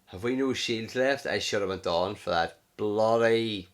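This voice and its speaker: A man giving live gameplay commentary, excitable, cursing at setbacks and cheering his wins. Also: fairly low pitch, measured pace. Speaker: gaming commentator.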